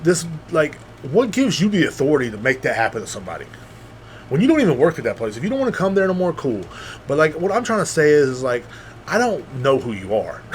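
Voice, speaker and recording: A man's voice: mid-range voice, slight background noise. A man hosting a podcast, talking in a casual, profane, rambling way with lots of fillers and restarts while drunk. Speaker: podcast host.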